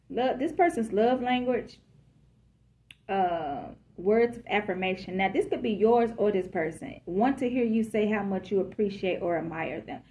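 A woman's voice: medium pitch, dark tone, lo-fi sound. A woman giving a casual collective love reading, chatty and emphatic, who calls her listeners y'all and baby. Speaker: tarot reader.

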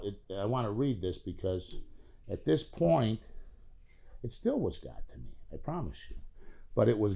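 A man's voice: mid-range voice, a little mellow. A man giving a personal recovery testimony, telling it conversationally with many fillers and restarts, and acting out past conversations. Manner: earnest, acts out past dialogue. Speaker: testimony speaker.

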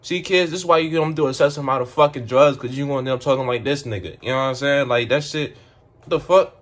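A young man hosting a reaction video, swearing and incredulous, breaking into loud outbursts of disbelief. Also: medium pitch, fast. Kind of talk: profane reaction commentary. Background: music.

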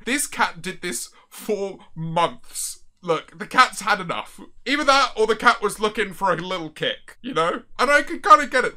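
Bright, joking young man. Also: high-pitched. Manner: joking, rambling, self-mocking. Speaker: streamer. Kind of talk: casual reaction commentary. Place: office.

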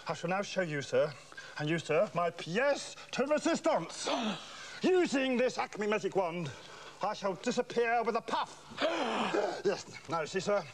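A man hams it up as a grand, bumbling salesman in a children's comedy. He talks in showy, pompous patter and chants his magic words. His voice sits high and leaps all over the place. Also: animated, unhurried, noisy background. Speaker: comic visiting salesman. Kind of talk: slapstick children's comedy acting.

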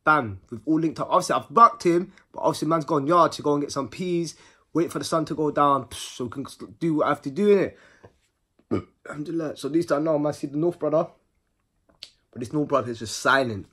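A man telling a personal story in a casual monologue. He talks in an animated way, full of slang, and repeats words for rhythm. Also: on the high side, fairly quick, breathy edge.

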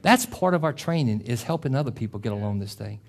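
A middle-aged man preaching a sermon as pastor. He talks with passion, often repeats and restarts phrases, and climbs to loud, emphatic peaks. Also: medium pitch, lively intonation, fast talker. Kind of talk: sermon with closing prayer.

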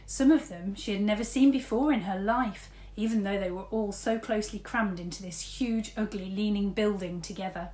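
A woman teacher reading a storybook aloud, lively, switching between big shouts and soft whispers for the characters. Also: mid-range voice, normal speed, hardly any pauses, echoey room.

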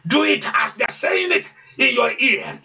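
Man pastor, fervent shouted prayer, gravelly and sharp-edged. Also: extremely high pitch, big pitch swings, a little slow, soft background music. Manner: fervent, repetitive, shouted pleas, speaking in tongues. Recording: distant, dull lo-fi sound.

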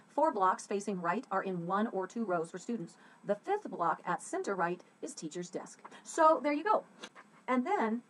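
A woman's voice: on the high side, slight background noise, poor audio. Chatty woman teaching scriptwriting. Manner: chatty and informal, with playful sound effects. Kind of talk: casual classroom lecture.

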